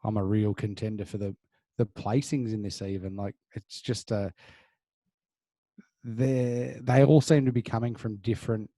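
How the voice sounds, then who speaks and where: A man's voice: fairly low pitch, fairly even intonation, normal speed, dark tone, no room sound. A man with an Australian accent co-hosting a horse racing tips podcast, laid-back and matter-of-fact as he talks through form. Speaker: podcast co-host.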